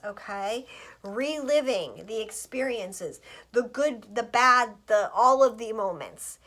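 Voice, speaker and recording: A woman with a slightly high voice gives a loose, rambling tarot reading to her viewers. She talks in a chatty, scattered way and swears freely. Her manner is casual and direct. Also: fairly bright tone. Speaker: astrologer and tarot reader.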